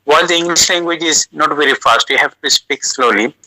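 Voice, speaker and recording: A man living in the UK whose first language is South Asian gives casual language advice as a guest over an audio call. His sharp, forceful, slightly high voice moves slowly and haltingly, full of uh fillers and restarted phrases. The low-quality sound is dry and close with no echo.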